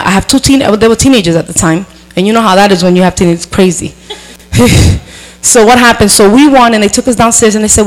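A middle-aged woman pastor preaching a sermon, animated and emphatic, with frank asides to the congregation. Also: fairly high pitch, poor audio.

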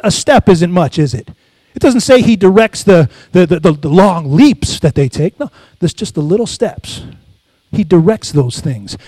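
A middle-aged pastor preaches in a high, light man's voice, pausing to draw amens from the congregation. The sound is close and dry, with no room echo. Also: a little mellow. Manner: call-and-response preaching, asks congregation for amens. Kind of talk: sermon with personal stories.

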